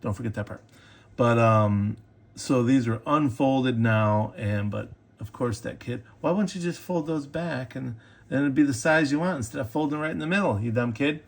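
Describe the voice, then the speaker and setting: A middle-aged man talks casually about the cards in his collection, chatty and upbeat. His voice sits at an ordinary middle pitch, and he keeps breaking in with little fillers and self-corrections. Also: normal speed, creaky. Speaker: sports card collector and video host.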